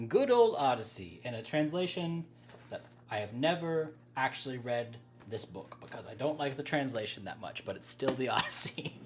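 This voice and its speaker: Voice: mid-range voice, animated, normal speed, faint music behind. A livestream host chatting casually with viewers, rambling, breaking off mid-thought and laughing often.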